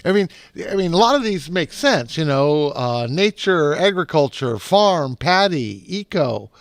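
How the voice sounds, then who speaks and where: A man's voice: on the high side, very animated, measured pace, no room sound, clean studio sound. A man co-hosting a casual comedy show, who rambles, repeats his words and giggles as he talks. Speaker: co-host.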